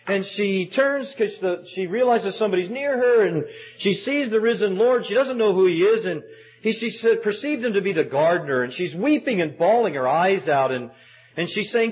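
A man's voice: high-pitched, expressive, moderate pace, husky. A man preaching a sermon as pastor, telling the story with emphatic, dramatic delivery. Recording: dull lo-fi sermon recording.

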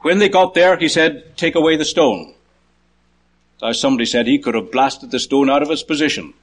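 A man delivering a sermon, moving through his points one by one. He lifts his voice sharply when calling out quoted words, then sinks low and soft for his asides. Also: lively intonation, fast talker. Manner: rises in pitch to call out quoted words, drops low for asides. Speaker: preacher.

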